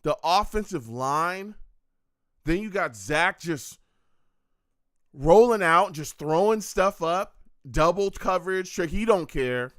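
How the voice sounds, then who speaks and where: Exasperated man, lively dry sports reaction. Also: sits high, slow, no room sound. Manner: exasperated, groaning, reads chat comments aloud. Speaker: live game reaction host. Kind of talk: live sports reaction stream.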